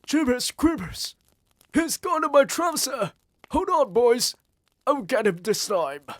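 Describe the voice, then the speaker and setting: A man voicing a panicking male kitchen cook who yells in alarm. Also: very high-pitched, very animated, takes it slowly, dry recording, voice pushed up, exaggerated voice. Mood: panicked yelling. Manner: yelling in panic.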